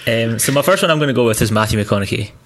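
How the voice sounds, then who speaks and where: A young man co-hosting a casual film podcast, speaking in a dry, deliberate, needling way. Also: mid-range voice, expressive, fairly bright tone. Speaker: podcast co-host. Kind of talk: casual chat.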